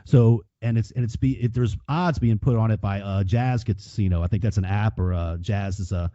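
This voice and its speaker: A man's voice: lowish voice, moderate pace, warm tone, dry recording. Rambling, profane New man. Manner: rambling, profane, many restarts. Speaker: podcast co-host. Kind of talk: casual sports betting chat. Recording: dull lo-fi podcast audio.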